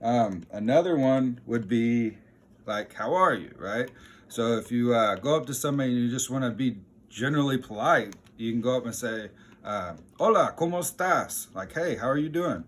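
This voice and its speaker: A man giving a casual, chatty lesson as a teacher, self-deprecating and relaxed, with a lively lift when he quotes the phrases he teaches. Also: mid-range voice, normal speed.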